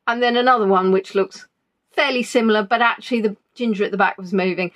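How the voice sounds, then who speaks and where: A woman's voice: mid-range voice, fast talker, fairly bright tone. A woman hosts a live stream from home in a loose, rambling chat. She pokes fun at herself as she goes, and she still sounds not quite over an illness. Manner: chatty, rambling, self-deprecating. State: not fully recovered from illness. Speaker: livestream host.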